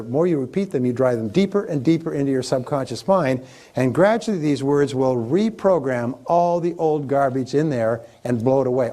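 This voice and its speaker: A man's voice: mid-range voice, warm tone. A man speaking as a motivational speaker in a live seminar, repeating and building his points with lists and chanted phrases.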